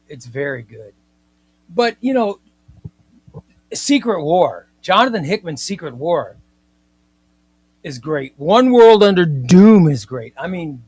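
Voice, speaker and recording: A man hosts a casual comics livestream, pitched a little high for a man. He talks emphatically and circles back to repeat his points, and he reads viewer comments aloud. The sound is close and dry, with no room in it. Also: a little mellow, husky, dry recording.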